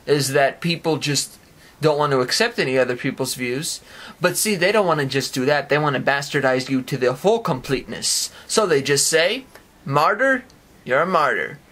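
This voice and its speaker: A man's voice: mid-range voice, lively intonation, normal speed, a bit bright. A man giving a rambling solo monologue on his own podcast, now and then acting out imagined voices with sound effects. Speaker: podcast host.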